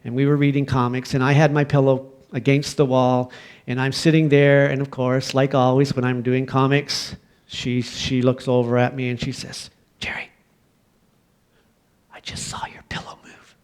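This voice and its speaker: A middle-aged Canadian man preaching a sermon, telling a story from his own childhood and building to loud, emphatic preaching. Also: mid-range voice, flat delivery, normal speed, smooth. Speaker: pastor.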